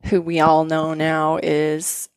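A woman's voice: deep voice, slow, clear, resonant tone, no echo. A woman in casual conversation, telling stories animatedly with lots of fillers. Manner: animated storytelling with many fillers.

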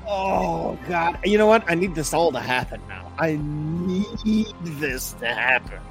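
High, animated, profane man ranting. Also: measured pace, gravelly, soft background music. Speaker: podcast co-host. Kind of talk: casual sports talk.

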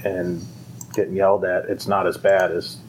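A man's voice: low voice, flat delivery, normal speed, darkish tone, slight background noise, low-quality recording. A man who runs a fire department pipe band school, talking casually and rambling with many fillers and restarts. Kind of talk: casual conversation.

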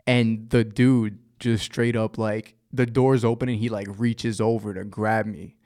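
A man's voice: fairly low pitch, a little slow. A young man in casual podcast chat, telling a story with lots of laughter and acted-out quotes. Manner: animated storyteller, laughs a lot, acts out quotes. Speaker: podcast guest.

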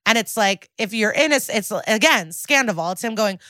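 With a mid-range voice and moderate pace, a woman co-hosting a podcast gives a casual recap of a TV episode. She animatedly voices the characters and swears freely while commenting, in studio-quality audio with no room sound.

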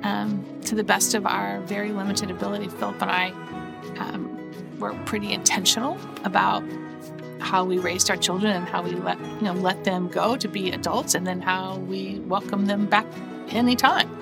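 A middle-aged woman on a panel, explaining her view in a reflective, steady way. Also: mid-range voice, moderate pace, gravelly, music in the background. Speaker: panel guest. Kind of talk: panel conversation.

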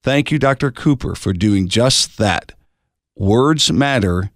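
A man co-hosting a radio show, reading listener emails in a measured, steady way. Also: medium pitch, dry recording, studio quality. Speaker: radio co-host.

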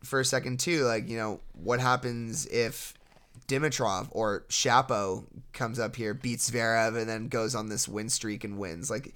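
A young man co-hosting a sports podcast, breaking down matches in a relaxed, analytical way with frequent restarts. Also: mid-range voice, a little slow, clear, resonant tone. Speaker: podcast co-host. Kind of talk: casual sports podcast chat.

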